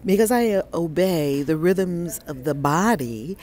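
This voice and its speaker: A woman's voice: fairly low pitch, expressive, takes it slowly, darkish tone. Effusive woman vlogging from a bookstore. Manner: effusive, greets viewers by name, repeats phrases. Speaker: spiritual vlogger hosting a live stream. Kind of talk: casual live-stream chat. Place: inside a bookstore.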